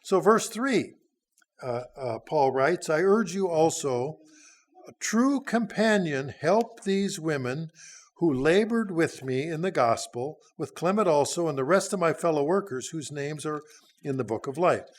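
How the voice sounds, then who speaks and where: A man's voice: a little high, lively intonation, measured pace. A man in his sixties giving a sermon, teaching through a Bible passage in a folksy, conversational way with frequent hesitations. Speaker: church speaker.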